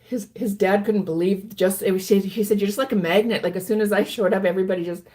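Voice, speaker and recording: Woman vlogger, earnest storyteller, halting delivery, mid-pitched voice. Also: steady tone, darkish tone. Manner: halting, earnest, many restarts. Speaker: vlogger recounting her life. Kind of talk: personal storytelling.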